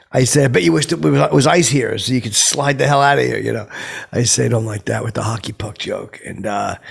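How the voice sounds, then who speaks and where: A man's voice: medium pitch, vocal fry, slightly rough. A man playing a clueless, boastful washed-up stand-up comic who rambles and stumbles through his story with many fillers. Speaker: character comedian telling a story. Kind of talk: improvised comic monologue.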